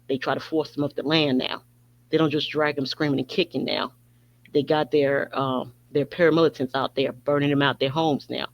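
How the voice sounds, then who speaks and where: A man with a fairly high voice rants through a podcast monologue, swearing freely and hammering the same points over and over. The recording is dull and lo-fi, lacking crispness. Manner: heated, profane, repetitive ranting. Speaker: podcast host. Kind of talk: opinion monologue.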